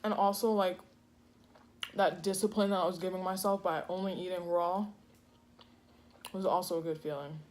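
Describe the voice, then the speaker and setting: A woman's voice: lowish voice, steady tone, normal speed, long pauses, a little mellow. Chatty woman rambling over a meal. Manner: chatty, rambling, many fillers. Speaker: food vlogger. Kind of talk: casual eating vlog chat. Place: home kitchen.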